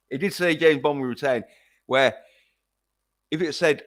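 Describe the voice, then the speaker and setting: A man's voice: on the high side, normal speed, long pauses. A man giving a casual, rambling film review on a livestream, swearing constantly as he talks. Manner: rambling and heavily profane.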